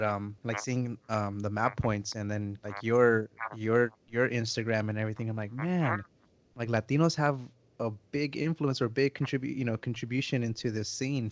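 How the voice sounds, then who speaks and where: A man's voice: mid-range voice, fairly even intonation, moderate pace, dry recording. A man in his twenties hosting a podcast, asking questions in an easygoing, enthusiastic way and repeating words while he thinks. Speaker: podcast host. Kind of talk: casual podcast interview.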